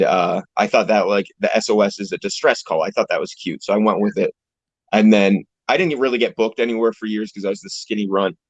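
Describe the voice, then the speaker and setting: Heard over a dull, lo-fi video call with a dry sound, a young man from Canada who wrestles professionally chats as an interview guest. His voice is lowish, and he rambles in a relaxed way, swearing casually.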